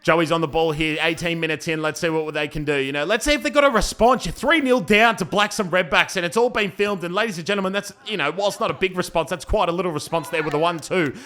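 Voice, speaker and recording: A young man giving playful, joking commentary over his own amateur football match, breaking into excited shouts. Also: high voice, fast talker, few pauses. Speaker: football commentator and team player.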